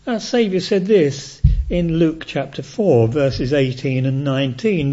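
A man's voice: a little high, mellow. Emphatic preacher man, lo-fi recording. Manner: measured, emphatic preaching with rhetorical questions. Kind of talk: sermon. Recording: dull lo-fi recording.

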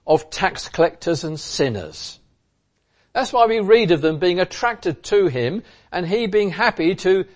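A man preaching a sermon in an emphatic way, driving points home by repeating key phrases. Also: sits high.

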